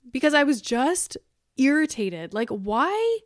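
A woman's voice: fairly high pitch, lively intonation, normal speed, dry recording, studio quality. A woman in her thirties from Canada, hosting a casual solo podcast and telling a rambling, exasperated story full of "like" fillers. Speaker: podcast host.

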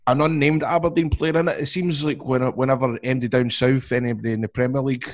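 A man's voice: mid-range voice, fairly even intonation, fast. A Scottish man co-hosting a football podcast, chatting casually, joking and laughing as he tells stories. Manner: banters and laughs a lot, slips into impressions. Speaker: podcast co-host. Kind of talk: casual chat.

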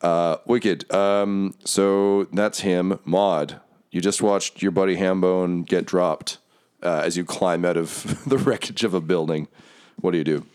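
A man narrating as game master of a tabletop fantasy game, talking loosely with many pauses and ums. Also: low-pitched, steady tone, darkish tone, clean tone.

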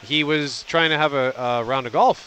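Bright-toned radio co-host man. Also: fairly high pitch, normal speed. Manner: conversational, newsreader delivery. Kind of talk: radio talk and news reading. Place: outdoor patio under a roof.

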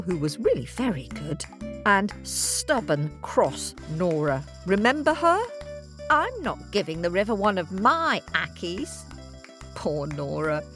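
Sing-song woman hosting a kids' podcast. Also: fairly low pitch. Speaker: podcast host. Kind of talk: children's podcast presenting.

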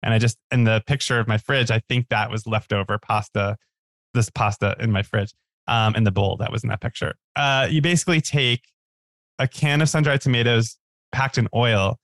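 A man's voice: mid-range voice, normal speed, fairly bright tone, dry recording. A man guest on a podcast, chatting casually and telling stories with lots of likes and restarts. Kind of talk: casual chat.

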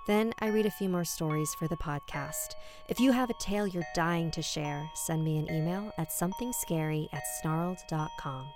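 Hushed woman narrating horror. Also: sits low, normal speed, few pauses. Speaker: podcast host and narrator. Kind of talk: scripted horror story narration. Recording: music underneath.

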